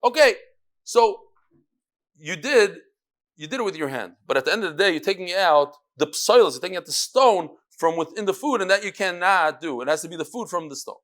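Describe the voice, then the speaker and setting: A high, bright-voiced man leads a daily Talmud class. He reads the text out at speed and breaks off into playful, joking asides to his listeners. His delivery stays animated and conversational throughout. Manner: lively, joking asides mixed with fast Talmud reading. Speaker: Talmud teacher.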